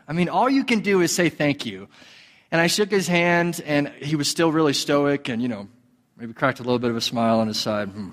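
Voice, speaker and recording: A man with a fairly high voice preaches in a loose, conversational manner, telling stories with plenty of fillers and restarts. His voice rings out with a long reverb, as if in a large hall. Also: normal speed. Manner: conversational, storytelling with filler words and repetitions. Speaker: pastor. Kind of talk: sermon.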